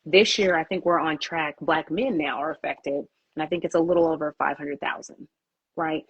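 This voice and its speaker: A woman's voice: sits low, fairly even intonation, normal speed, husky, no room sound, dull audio. A woman who founded a PR agency, answering interview questions with candid storytelling and acting out her own inner thoughts.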